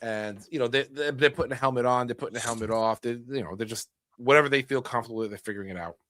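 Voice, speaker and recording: A man's voice: mid-range voice, very fast, sharp tone. A middle-aged man hosting a podcast, telling a family story in a wry, casual way with dry humor. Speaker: podcast host.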